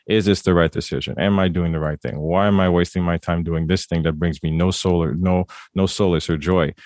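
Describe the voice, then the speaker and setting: A man's voice: sits low, steady tone, a little fast, a little mellow, dry recording, clean studio sound. A man hosting a podcast interview, asking long, wordy, encouraging questions. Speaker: podcast host.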